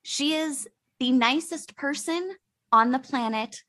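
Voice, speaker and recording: A woman hosting a podcast in casual conversation, quick to agree and sharing her own stories. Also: high-pitched, pushed and bright. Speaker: podcast host.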